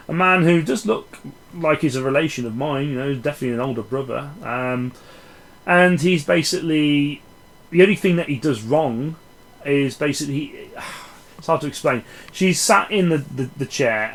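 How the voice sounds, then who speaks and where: A man's voice: medium pitch, low-quality recording. A man giving a casual, rambling film review, sweary and sardonic.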